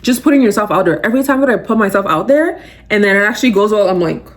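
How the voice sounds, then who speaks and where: A woman hosting a motivational podcast, talking casually with lots of fillers and growing lively when she recounts her own reactions. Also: mid-range voice, racing. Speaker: podcast host.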